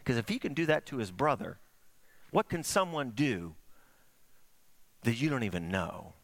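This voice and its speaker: A male pastor preaching a sermon, telling stories with animated swings between raised and hushed delivery. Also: normal speed, dry recording. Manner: animated storytelling, swooping between high and hushed.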